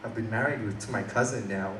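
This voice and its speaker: Speaking fast in a fairly low voice, a young Australian man delivers a stand-up story with crowd work at a small coffee shop venue indoors. The live room recording sounds roomy and distant, with a noisy background of room ambience and audience laughter.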